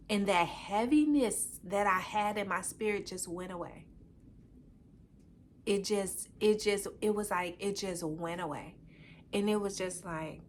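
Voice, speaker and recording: Young woman, podcast co-host, casual storyteller who acts out the dialogue, faint hiss behind. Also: mid-range voice. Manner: animated, acts out quoted dialogue, frequent "I'm like".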